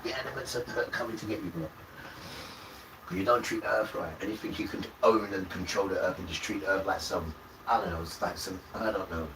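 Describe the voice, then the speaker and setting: A man on a livestream delivering an impassioned religious rant, preachy and accusing. He swings from loud outbursts to low muttering. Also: a little fast. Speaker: livestream host. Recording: roomy, distant mic with loud background noise.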